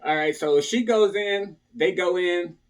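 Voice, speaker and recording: A man's voice: sits high, a little slow. Casual man telling a story to viewers. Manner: talks to viewers, repeatedly tags lines with "right?"; acts out other people's lines in a raised voice. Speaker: storyteller recounting his past.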